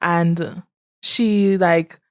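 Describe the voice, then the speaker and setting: A woman's voice: lowish voice, steady tone, drawn-out words. A woman co-hosting a podcast, casually brainstorming a comedic story with playful giggles. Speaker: podcast co-host.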